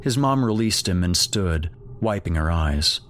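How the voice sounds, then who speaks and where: A man with a very deep voice narrates a horror tale, taking his time. His delivery is expressive, rising and falling widely as the scene darkens. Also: slight background noise. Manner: slow, dramatic storytelling.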